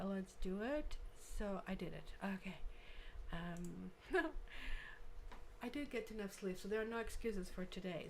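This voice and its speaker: A woman's voice: medium pitch, a little hiss or hum. Chatty woman tarot reader on a live stream. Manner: chatty, reads viewer comments aloud, thinks aloud while working. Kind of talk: casual live-stream chat with viewers.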